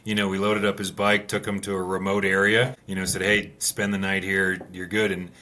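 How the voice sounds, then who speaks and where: A man and former rally racer, telling stories in a relaxed way, full of fillers. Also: low voice, moderate pace. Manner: relaxed storyteller, many fillers like "you know". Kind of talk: casual conversation.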